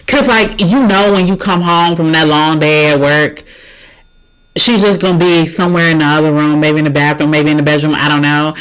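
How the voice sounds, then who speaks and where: Loud laughing reaction host. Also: mid-range voice, normal speed, smooth, rough recording. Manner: animated, laughing, swearing, talks to viewers.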